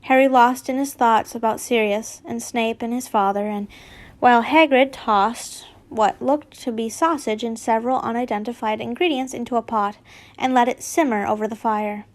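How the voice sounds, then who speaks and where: A woman's voice: fairly high pitch, fairly even intonation, moderate pace. A woman reading fanfiction aloud, unpolished, stumbling and correcting herself with chatty asides. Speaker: fanfiction reader.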